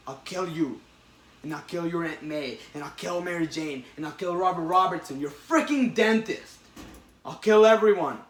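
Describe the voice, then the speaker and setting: A man voicing a merciless goblin monster who shouts frantic threats, recorded in an echoey room. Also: high voice. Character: merciless red goblin monster, shrill and menacing. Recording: echoey room, faint noise.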